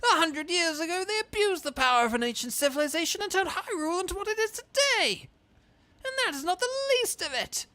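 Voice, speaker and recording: A shrill, cranky old fish advisor. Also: male voice, lively intonation, pushed and bright, exaggerated voice. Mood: indignant. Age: older. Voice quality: impression of a famous comedian's fast, shrill voice.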